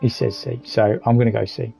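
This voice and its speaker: A man's voice: medium pitch, fairly even intonation, brisk, vocal fry, mellow, husky, faint music behind, rough recording. A man streaming a game, joking and chatting with viewers about his play. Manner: jokey, self-mocking, chats with viewers. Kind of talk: live game commentary.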